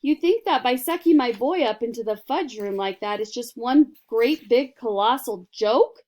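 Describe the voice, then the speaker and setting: A woman's voice: fairly high pitch, animated, normal speed, a little mellow, lightly acted. A woman reading a storybook aloud and voicing a hysterical, bossy rich mother who shrieks and scolds. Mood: indignant. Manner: shrieking, frantic, indignant.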